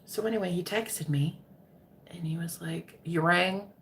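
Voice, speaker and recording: A woman's voice: fairly low pitch, moderate pace, mellow, slight background noise. A woman in a casual storytime chat with her viewers. She swears freely, calls them girl, and drops into whispers for emphasis. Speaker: love reading content creator.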